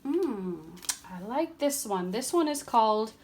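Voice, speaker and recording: A woman vlogger giving a casual, chatty craft tutorial at home, relaxed, with frequent ums and a tired, yawning edge. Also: a little high, a little slow, a little hiss or hum. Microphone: camera on a tripod.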